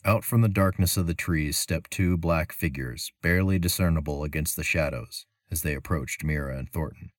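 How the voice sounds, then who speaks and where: A man narrating a fantasy story as an audiobook, measured and even. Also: extremely low pitch, no room sound, clean studio sound.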